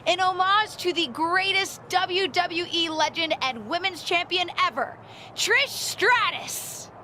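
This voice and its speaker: A woman's voice: very high-pitched, lively intonation, slow pace, bright, forceful tone, slight background noise, exaggerated voice. An actress voicing a cocky, spiteful young female wrestler, speaking in a gloating, taunting way in a video game cutscene. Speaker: wrestler character.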